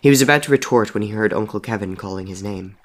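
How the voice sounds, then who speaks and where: A man reading a story aloud in an even, measured way, often softly spoken. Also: lowish voice. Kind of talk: storybook narration.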